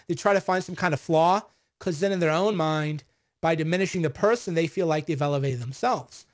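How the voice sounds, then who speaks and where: A man's voice: sits high, a little fast. Boastful rambling man in his forties. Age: 40s. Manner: boastful, rambling storytelling with acted-out quotes. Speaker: vlogger answering viewer comments. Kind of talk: casual livestream chat.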